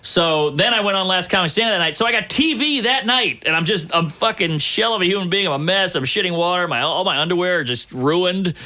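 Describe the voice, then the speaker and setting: Bright-voiced man telling self-deprecating stories. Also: high voice, fairly quick, few pauses. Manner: self-deprecating, profane, animated storyteller. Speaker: guest comedian. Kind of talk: casual storytelling chat.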